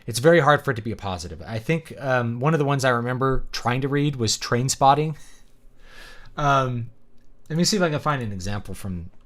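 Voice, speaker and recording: A man's voice: medium pitch, animated, brisk. A man who is a teacher and author, chatting casually and rambling while he plays a game, with lots of ums and opinions. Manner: rambling, opinionated, full of fillers. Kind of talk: casual chat over gameplay.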